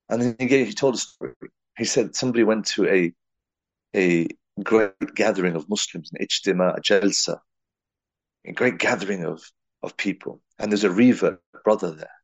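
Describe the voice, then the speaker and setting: A man's voice: low-pitched, moderate pace, husky, no echo, highs cut off. A man from England giving a reflective spiritual talk, telling a personal story and weaving in Arabic and Urdu religious terms. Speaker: religious teacher.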